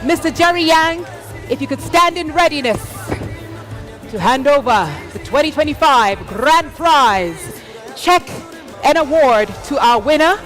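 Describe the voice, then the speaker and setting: A high-pitched woman emcees a live awards show from a big stage, pumping up the crowd with loud, energetic announcements. A crowd murmurs and faint music plays behind her. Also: unhurried. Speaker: event emcee. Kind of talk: live awards ceremony hosting. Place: stage of a large live event.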